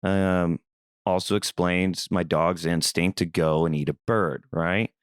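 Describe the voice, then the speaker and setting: A young man from Missouri hosting a podcast, telling a rambling, animated story in a casual, swearing manner. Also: sits low, a little slow, smooth, no echo, studio quality. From Missouri, USA. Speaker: podcast host.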